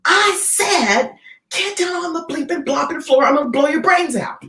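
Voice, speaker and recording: A crude, shouting bank robber barking threats from a few steps back in a roomy space, as a woman acts him out. The voice jumps up high and swings wildly as he yells. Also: expressive, moderate pace, recorded from a distance, full character voice. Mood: menacing. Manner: yelling threats, mock-censored swearing. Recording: roomy echo.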